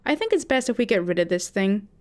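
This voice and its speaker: A woman's voice: mid-range voice, expressive, fast, a little mellow, natural voice. Woman putting on a sneering teen bully. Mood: mocking. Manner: mocking, sarcastic. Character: cruel sarcastic teenage bully boy.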